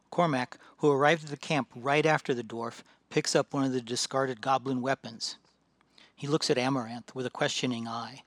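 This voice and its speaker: A man's voice: medium pitch, no room sound. Man narrating a fantasy story. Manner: measured, dramatic storytelling.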